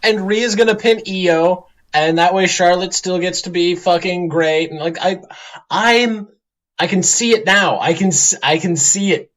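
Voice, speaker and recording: A man's voice: sits high, a little slow, fairly bright tone. Sardonic, ranting podcast man. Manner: exasperated, sardonic ranting with repeated restarts. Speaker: podcast co-host. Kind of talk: casual chat.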